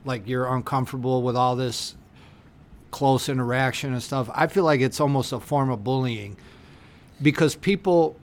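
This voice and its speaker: A man with a medium-pitched voice co-hosts a casual podcast at a moderate pace. He rants heatedly, swears a lot, and acts out little exchanges in raised voices.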